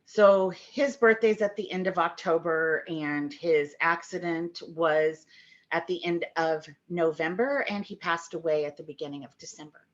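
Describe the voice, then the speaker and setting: Candid woman, slightly low voice, lo-fi. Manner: candid, halting, with fillers. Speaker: grief vlogger. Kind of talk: personal talk to camera.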